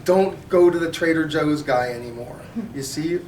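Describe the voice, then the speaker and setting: A male high school physics teacher giving a lively, joking classroom lecture, recorded by a camera at the back of the room. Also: moderate pace, slight background noise. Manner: animated, jokey, acts out customer voices. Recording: roomy classroom audio from a distance.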